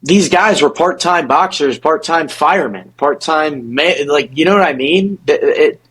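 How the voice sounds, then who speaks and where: A husky-voiced young man arguing his point in a casual sports podcast. His voice sits a bit high, and he tumbles over his words, restarting sentences as he pushes ahead. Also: fairly bright tone, poor audio. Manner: fast, halting, repeats words when restarting. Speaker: podcast co-host.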